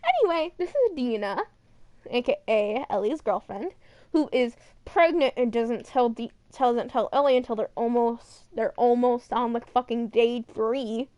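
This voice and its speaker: Young female streamer, high voice, chatty and rambling, swears freely, dry recording. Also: animated, measured pace, dark tone, no room sound, muffled recording. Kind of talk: casual chat over a model viewer.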